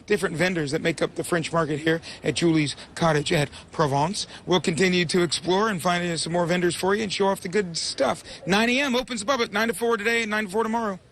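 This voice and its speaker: A man's voice: high-pitched, steady tone, quick pace, few pauses, a bit bright, slight background noise. A man doing a live morning-show report from an outdoor market, chatty and playful as he teases and jokes with the people he meets. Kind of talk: live remote reporting, joking banter.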